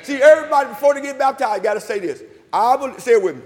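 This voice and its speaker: A man preaching, his voice pitched very high for a man and ringing with the long echo of a church hall. He calls out to the congregation, repeats his lines and climbs to loud emphatic peaks. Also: animated, fast talker. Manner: call-and-response, repeats phrases, rises to loud emphatic peaks. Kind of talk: sermon with invitation call.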